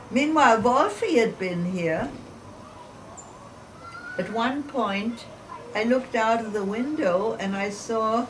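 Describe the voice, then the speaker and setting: A woman in her eighties, a chatty storyteller who laughs between her anecdotes in an oral history interview. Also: a little high. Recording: distant mic with background noise.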